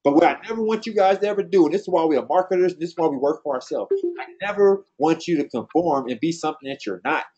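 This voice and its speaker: A man with a slightly high, husky voice talks fast and bluntly to his team, full of slang and conviction. The recording sounds dull and lo-fi. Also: animated, mellow. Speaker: team trainer. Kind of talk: motivational team talk.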